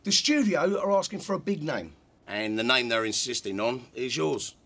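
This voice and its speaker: A man's voice: medium pitch, expressive, normal speed, fairly bright tone. An actor playing a sarcastic, brusque film director who insults his cast.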